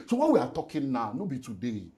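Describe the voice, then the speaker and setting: A middle-aged man with a Nigerian accent, a pastor talking about his life in an emotional way that rises into loud, emphatic bursts. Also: medium pitch, huge pitch swings, fast. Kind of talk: candid personal testimony in conversation.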